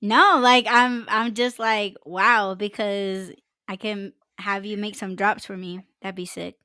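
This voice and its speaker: Female podcast host: teasing, giggly, bright voice with a slow, lilting delivery. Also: medium pitch, fairly even intonation, clean tone, no echo, studio quality. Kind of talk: casual chat.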